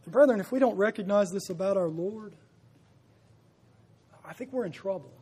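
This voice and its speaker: Husky, high-voiced male preacher. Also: normal speed, a little mellow. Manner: earnest, rising to emphatic peaks, with repeated phrases. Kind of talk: sermon.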